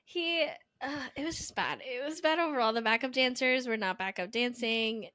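A woman co-hosts a casual chat, telling a story with lots of animation and acting out the voices of the people in it. Her voice is bright and slightly high. The sound is dry and close. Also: moderate pace, no room sound. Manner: animated storytelling, acts out quotes. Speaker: podcast co-host.

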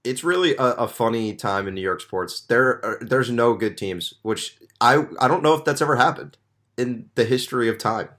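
A young man co-hosting a podcast, giving his opinions in a relaxed way in casual sports talk. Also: mid-range voice, moderate pace. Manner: conversational, opinionated. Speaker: podcast co-host.

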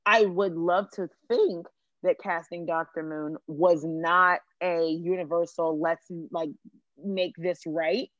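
A woman's voice: lowish voice, steady tone, takes it slowly, dry recording. Woman, podcast host, earnest, rambling sentences, dull lo-fi audio. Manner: earnest, talks in long winding sentences. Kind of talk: casual pop culture chat.

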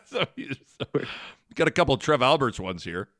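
Mid-pitched man rambling earnestly about broadcasters. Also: sing-song, unhurried, pushed and bright, no room sound, studio quality. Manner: rambling, many restarts, earnest. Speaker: sports podcast co-host. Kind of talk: casual sports talk.

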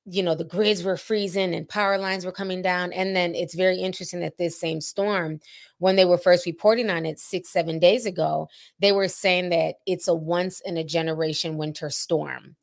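A fairly low-voiced woman talks casually and explains things in detail. She speaks in an informative, conversational way and goes on at length. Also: fairly even intonation, moderate pace, gravelly. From Minnesota. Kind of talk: casual chat.

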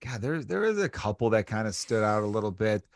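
A man's voice: lowish voice, very animated, fairly quick, no echo, studio quality. A male comedian guest in casual podcast chat, rambling and jokey, acting out quotes.

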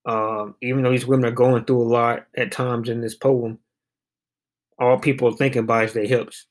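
A man's voice: medium pitch, flat delivery, moderate pace. A man giving a casual, rambling commentary on poems, full of fillers and restarts. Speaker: poetry reading vlogger.

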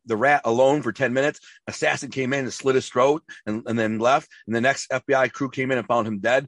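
A man from the Detroit area tells his stories at a rapid clip, stumbling over restarts and slipping into acted-out quotes. His mid-range voice sits dry and close, with no room around it. The talk is casual, profane and streetwise. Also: mid-range voice, dry recording. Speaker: interview guest, former mob associate and author. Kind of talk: casual storytelling interview.

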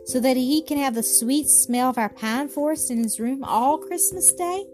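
A woman's voice: high-pitched, normal speed, close to an everyday voice. A woman voicing an eager, cheerful little girl in a storybook reading, with a pleading, hopeful way of talking. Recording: music playing behind.

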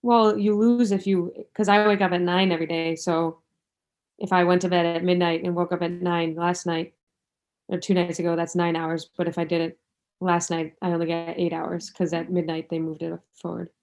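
A woman's voice: fairly low pitch, flat delivery, moderate pace, darkish tone. A young woman co-hosting a casual chat podcast, vehement and profane, repeating herself for emphasis. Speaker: podcast co-host.

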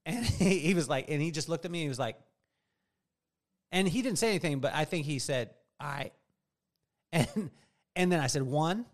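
A man's voice: a little high, animated, fairly quick, pauses often. A middle-aged man hosting a podcast in casual chat, telling jokey stories and laughing often. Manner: joking storyteller, laughs often. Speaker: podcast host.

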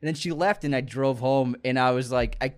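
A man co-hosting a casual chat podcast, telling a story animatedly and acting out the people he quotes. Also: fairly quick. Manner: animated storyteller, acts out quotes with rising pitch and laughter. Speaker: podcast co-host.

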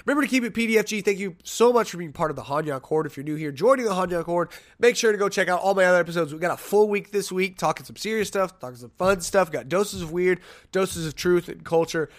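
A man's voice: sits high, quick pace. Man hosting a rambling sports podcast. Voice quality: rambling, self-mocking, thinks out loud. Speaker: podcast host. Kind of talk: casual solo sports podcast talk.

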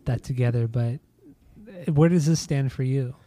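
A man's voice: mid-range voice, normal speed, mellow. A man co-hosting a casual music podcast, talking loosely, swearing and trailing off mid-thought. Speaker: podcast co-host. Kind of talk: casual chat about music.

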